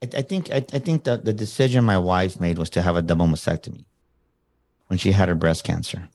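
Male guest, motivational speaker; lowish voice, casual storytelling, acts out the dialogue. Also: brisk. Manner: animated, acts out quoted dialogue.

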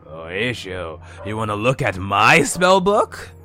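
A man voicing a jovial, towering male king wizard, boisterous and booming. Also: big pitch swings, measured pace, bright, forceful tone, faint music behind, full character voice. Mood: curious.

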